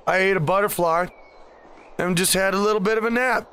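A man's voice: high voice, brisk, pushed and bright, clear, resonant tone. A man hosting a let's play, chatting playfully and with swearing as he talks in first person as his cat character and throws in mock meows over game music. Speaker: gaming channel host.

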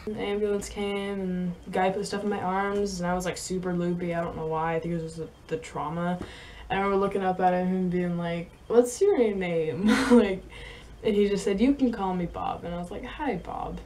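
A young woman vlogging, telling a story in a rambling, halting way with many fillers and soft laughs. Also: on the low side, little pitch movement, a little hiss or hum. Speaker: vlogger and horse rider. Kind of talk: casual storytelling to camera.

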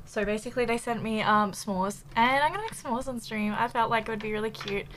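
A woman's voice: on the high side, fairly quick, a bit bright, slight background noise. A woman chatting casually on a live stream, bubbly and giggly, full of fillers, a little out of breath.

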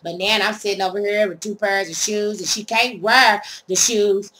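A woman's voice: mid-range voice, steady tone, moderate pace, bright, forceful tone, slight background noise. A woman telling a story in a brash, sassy comic rant, swearing constantly. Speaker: storyteller vlogger. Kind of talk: profane comic rant to camera.

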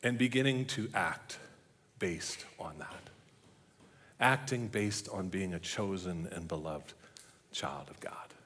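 Middle-aged pastor, bright forceful voice. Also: male voice, on the low side. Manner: storytelling, drops to a soft hushed voice for emphasis. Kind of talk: sermon. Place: church.

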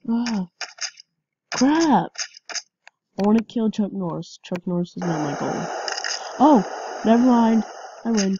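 Excitable woman in lo-fi game commentary. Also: mid-range voice, takes it slowly, long pauses, a little hiss or hum. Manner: excitable, yelps and laughs at the game. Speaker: gameplay commentator.

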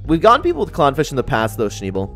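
A man's voice: medium pitch, huge pitch swings, fast, fairly bright tone, faint music behind. A man streaming a game, talking laid-back and casual, explaining his setup to a friend. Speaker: gaming streamer.

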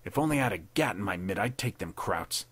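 A man's voice: sits low, animated, fairly quick, a bit bright, breathy edge, full character voice. A man doing a jittery gangster soldier. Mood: tense. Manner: clipped gangster slang. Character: jittery young male gangster turned soldier.

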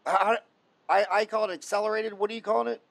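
A man hosting a podcast who asks casual interview questions in rapid-fire runs and teases his guest playfully. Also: sits high, fairly even intonation, creaky, fairly bright tone. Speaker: podcast host.

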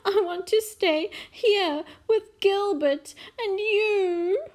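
A woman's voice: extremely high pitch, darkish tone, voice pushed up, exaggerated voice. Woman voicing a wailing little princess. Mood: sobbing. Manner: wailing, drawn-out cries. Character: little girl princess, whiny and demanding.

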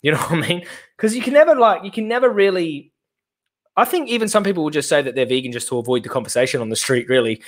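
A man hosting a live reaction stream, talking in an animated, rambling way with sarcastic asides. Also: fairly high pitch, fast talker. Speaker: host.

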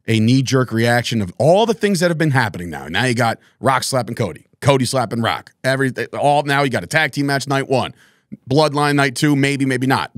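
A man's voice: mid-range voice, dry recording. Podcast host guy rambling along, laughs a lot, dry no-room sound. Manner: rambling, chummy, laughs often, says "man" and "dude". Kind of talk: casual interview chat.

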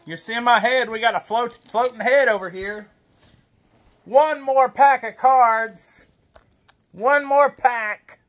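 With a high voice that comes across pushed and bright, a wrestling card collector vlogger cracks open packs at home. He calls out the names and keeps up a casual chat with his baby.

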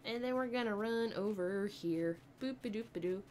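A woman's voice: mid-range voice, lively intonation, slow, fairly bright tone, slight background noise. A young woman streaming a game, rambling, giggling often and answering her chat. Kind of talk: casual live-stream chat while gaming.

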